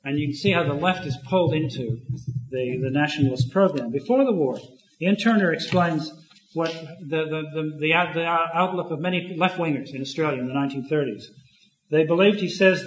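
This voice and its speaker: Man lecturing in an echoey room. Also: fairly high pitch. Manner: thoughtful, halting, with many restarts and fillers. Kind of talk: academic lecture. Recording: echoey, dull lo-fi room recording.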